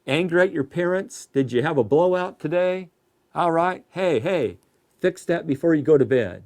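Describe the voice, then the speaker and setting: A man preaches a sermon conversationally, putting questions straight to his listeners. His voice is fairly high and a little mellow, with lively intonation at a normal speed.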